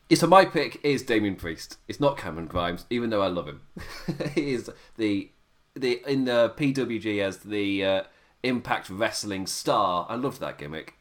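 A man with an English accent, chatting casually about wrestling as a podcast co-host, laughing often as he rambles. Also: on the low side. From England.

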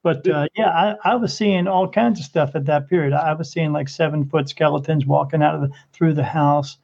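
A man with a gravelly, husky voice tells a paranormal story in loose conversation, raising his pitch as he acts out what people said. His tone is dark and mellow, and the recording sounds dull and lo-fi. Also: a little fast. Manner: animated, acts out quoted voices with rising pitch. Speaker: guest telling a paranormal story. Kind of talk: casual storytelling.

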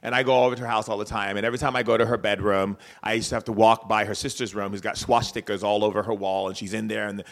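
A man telling personal stories in an earnest, preachy talk, swinging between hushed and loud. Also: lowish voice, flat delivery, fast, few pauses. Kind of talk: spoken storytelling talk.

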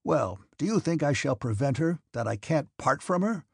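A man reading the part of a cranky, abrupt old prince with sharp, mocking outbursts. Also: on the high side, very animated, normal speed, creaky, slightly rough, dry recording, clean studio sound, exaggerated voice. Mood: angry. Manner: barking, mocking, piercing outbursts.

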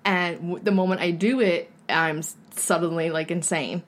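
A young woman co-hosting a podcast in casual chat, telling her own story in animated bursts with halting restarts. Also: lowish voice. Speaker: podcast co-host.

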